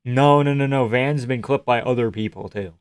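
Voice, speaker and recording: A man's voice: medium pitch, normal speed, clean tone, dry recording, studio quality. A man hosting a live stream, casually and profanely analyzing fights and answering chat questions.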